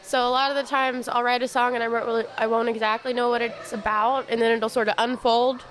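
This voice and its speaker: A woman songwriter who sings with her guitar and then talks casually, thoughtful and quick to laugh. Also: a little high, little pitch movement, fairly bright tone. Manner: thoughtful, laughs easily, meandering explanations. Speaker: songwriter guest.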